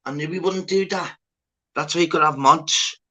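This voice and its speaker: Man, bright forceful voice, slightly high, laughing sweary banter. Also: normal speed. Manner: swears a lot, laughs often, says "lad" and "mate". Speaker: livestream host. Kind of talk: casual chat.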